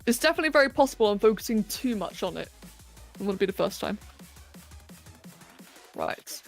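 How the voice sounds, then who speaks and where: A woman hosts a live sculpting stream in a relaxed, chatty way. She thinks aloud and pokes fun at herself, and her voice sits mid-range. Soft electronic music plays quietly underneath. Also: mid-range voice, a little fast. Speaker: livestream host. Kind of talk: casual chat while sculpting live. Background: faint electronic music.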